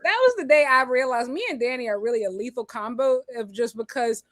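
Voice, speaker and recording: A high-pitched woman co-hosting a charity livestream tells a story in loose, casual chat. She laughs a lot and slips into other people's voices. The sound is close and dry. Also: fairly quick, no room sound. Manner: lively, laughs often, acts out other people's lines. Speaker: co-host of a charity stream. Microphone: streaming setup, video call.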